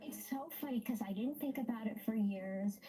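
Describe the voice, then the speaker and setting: A woman voice actress recalling her career in a chatty, relaxed interview. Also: on the high side, moderate pace, faint music behind, poor audio. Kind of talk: casual interview recollection.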